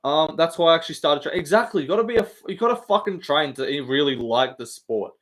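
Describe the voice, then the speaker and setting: A man's voice: a little high, animated, quick pace, fairly bright tone. Swearing man chatting on a live stream. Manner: swearing, laughing, banter with chat. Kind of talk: casual live stream chat.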